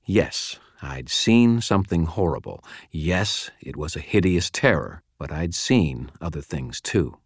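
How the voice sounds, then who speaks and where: A man reading first-person fiction aloud in a measured, steady storytelling delivery. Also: a bass voice, slightly rough, dry recording, studio quality. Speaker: audiobook narrator.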